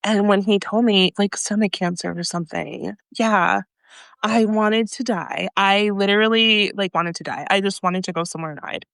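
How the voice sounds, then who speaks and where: A woman's voice: mid-range voice, normal speed, vocal fry, no room sound. A woman in her forties co-hosting a podcast, telling a story with lots of laughter and acting out each line of dialogue. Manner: animated storytelling, laughs often, acts out dialogue. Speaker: podcast co-host. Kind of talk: casual chat.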